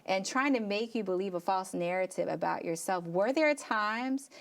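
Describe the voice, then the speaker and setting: A woman's voice: mid-range voice, lively intonation, normal speed. Affirming woman interview host. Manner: affirming, asks long layered questions. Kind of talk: faith-based interview.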